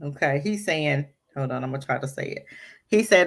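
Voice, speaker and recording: A woman co-hosting an online talk radio show, reacting to a clip with animated, emphatic indignation. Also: low voice, fairly quick, gravelly. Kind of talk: casual opinion talk, commenting on a played clip.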